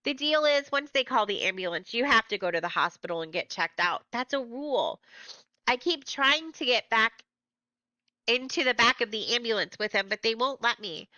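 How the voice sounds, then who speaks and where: Bright-voiced woman reading a novel. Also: a little high, expressive, normal speed, no room sound, poor audio. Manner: plain, conversational storytelling. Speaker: audiobook reader. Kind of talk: first-person novel narration.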